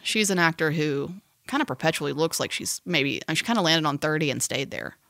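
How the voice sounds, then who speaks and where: A woman's voice: low-pitched, expressive, brisk, a bit bright, dry recording, studio quality. A woman co-hosting a podcast, chatting casually and playfully. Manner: chatty, playful, lots of laughing asides. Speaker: podcast co-host. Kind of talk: casual chat.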